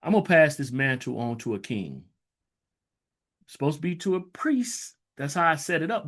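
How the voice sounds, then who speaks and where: Animated man teaching from scripture. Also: on the high side. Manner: reads verses slowly, then breaks into loose conversational asides. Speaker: Bible teacher. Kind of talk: scripture reading with casual commentary.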